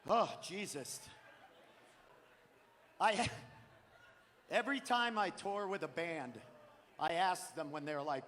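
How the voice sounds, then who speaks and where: New england guy doing stand-up, swears a ton, bright sharp voice, echoey theater. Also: fairly high pitch, slow pace, long pauses. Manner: profane, loud, ranting. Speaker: stand-up comedian. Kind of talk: live stand-up set. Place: theater stage, live audience. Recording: live theater with long reverb.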